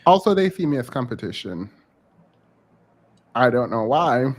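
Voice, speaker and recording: A man's voice: medium pitch, very animated, unhurried. A man on a casual panel podcast, speaking hesitantly with many fillers.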